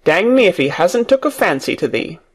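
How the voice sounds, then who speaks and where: A man's voice: high voice, big pitch swings, fairly quick, full character voice. A man voicing a surly, blunt old male gardener in an audiobook, speaking in a rustic dialect.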